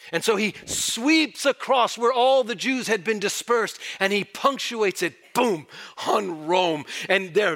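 A male pastor preaching an animated sermon, acting out the astonished crowd's voices. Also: high voice.

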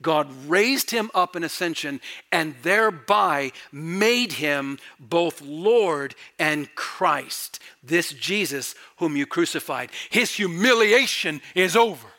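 A middle-aged man preaching an expository sermon, emphatic, repeating key phrases and swinging between loud declarations and hushed asides. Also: fairly high pitch, takes it slowly. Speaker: pastor.

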